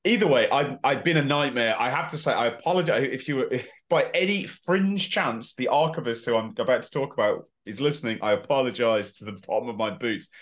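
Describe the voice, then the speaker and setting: A man's voice: mid-range voice, a little fast, hardly any pauses, a bit bright. A man co-hosting a history podcast, telling a self-deprecating story in a casual, chatty way. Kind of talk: casual anecdotal chat.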